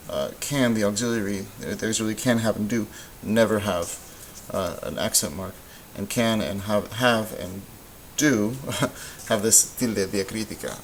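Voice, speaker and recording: Low-voiced man explaining grammar. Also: rough recording. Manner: relaxed explaining with many ums and uhs. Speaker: Spanish teacher. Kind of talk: recorded lesson voice-over. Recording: faint hiss.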